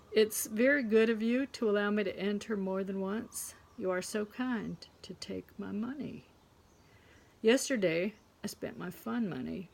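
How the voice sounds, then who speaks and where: Wry middle-aged woman with a gravelly edge. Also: fairly low pitch. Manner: dry, wry storytelling, drops to a hushed tone on punchlines. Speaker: comedy contest entrant. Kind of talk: deadpan stand-up monologue to camera. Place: home, indoors.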